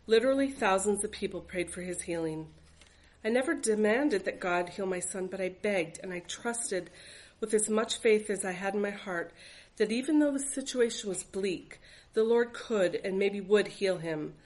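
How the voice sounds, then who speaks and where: A woman's voice: mid-range voice, normal speed, darkish tone, rough recording. A woman reading aloud from her own memoir as a mother, in an earnest, reflective voice. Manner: earnest, reflective, faith-filled.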